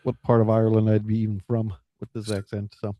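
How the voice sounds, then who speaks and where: A man's voice: on the low side, completely flat delivery, fast, no echo, muffled recording. A man co-hosting a podcast, chatting casually and rambling with many restarts. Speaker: podcast co-host. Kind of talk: casual chat.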